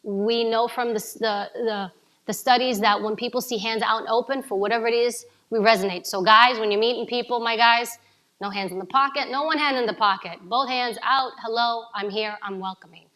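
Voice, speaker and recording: A woman from New giving an energetic coaching talk to a live audience, asking them questions. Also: on the high side, a little fast. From New York City. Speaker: speaker at a summit.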